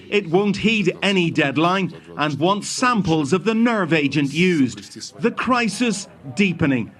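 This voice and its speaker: Male TV news correspondent, high voice, clipped scripted report. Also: a bit bright. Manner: crisp, clipped news delivery.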